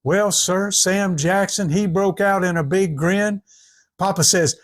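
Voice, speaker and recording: High-voiced man telling a folksy tale. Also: unhurried. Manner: drawling rural dialect, acting out each character. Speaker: storyteller. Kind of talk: folksy spoken storytelling.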